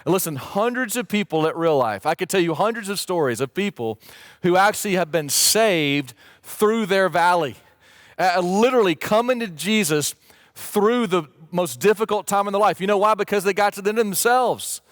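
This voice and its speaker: An earnest male pastor preaching a sermon in a fairly high voice. He is emphatic and builds into pleading questions. The sound is close and dry. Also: animated, moderate pace, a bit bright, dry recording. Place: church stage or studio, streamed online.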